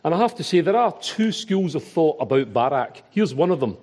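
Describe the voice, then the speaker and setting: A man with a Glaswegian accent preaching a sermon in an animated, chatty way, often breaking off his own sentences. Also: fairly high pitch, fairly quick. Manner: animated, chatty, self-interrupting.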